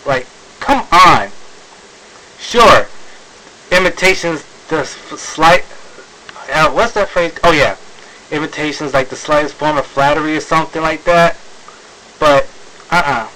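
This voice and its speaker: Exasperated slow-talking man ranting. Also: a little high, pushed and bright, a little hiss or hum, low-quality recording. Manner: exasperated, sighing, frequent fillers and restarts. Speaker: video blogger. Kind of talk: ranting video commentary.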